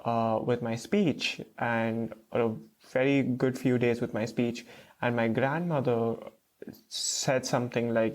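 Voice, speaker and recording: Young male guest who stutters, slow deliberate phrasing. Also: medium pitch, fairly even intonation, darkish tone. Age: young adult. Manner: stutters, speaks in short phrases with pauses and fillers. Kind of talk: casual interview talk.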